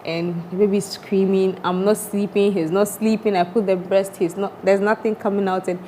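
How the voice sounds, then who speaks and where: A woman's voice: medium pitch, flat delivery, moderate pace, dark tone, slight background noise. A woman who is a doctor and mother, talking openly on a talk show about life after giving birth. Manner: open, reflective storytelling. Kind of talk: candid talk-show chat.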